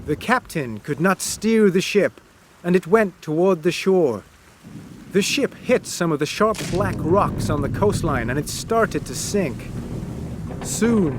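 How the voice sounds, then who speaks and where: A man narrating a graded-reader story for English learners, reading slowly and clearly. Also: a little high, background noise. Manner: slow, clear, expressive reading. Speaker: audiobook narrator.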